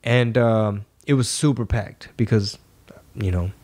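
Here the podcast host speaks in a lower, slightly mellow voice at a measured pace. He chats casually and spins long, wandering stories full of profanity.

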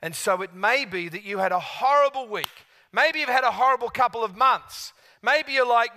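Male preacher, animated storyteller, bright, ringing, high-pitched voice. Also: normal speed. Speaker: guest preacher. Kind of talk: sermon with storytelling.

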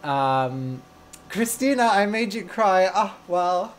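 Casting: young male teacher, unhurried and chatty, affectionate and jokey on a live stream. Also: high-pitched, animated, slight background noise. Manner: chatty, gushing and playful, laughs easily. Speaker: English teacher and podcast host. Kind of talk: casual live-stream chat with learners.

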